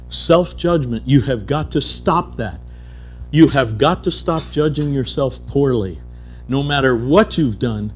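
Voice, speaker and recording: A man giving a keynote at a conference, telling mystical stories and acting out the characters in them. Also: medium pitch. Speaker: keynote speaker. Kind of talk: spiritual storytelling lecture. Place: conference hall.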